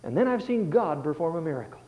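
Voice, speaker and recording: A man preaching a sermon as a pastor, swinging between loud passages and hushed ones. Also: on the high side, big pitch swings, fast talker. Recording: tinny phone-like sound.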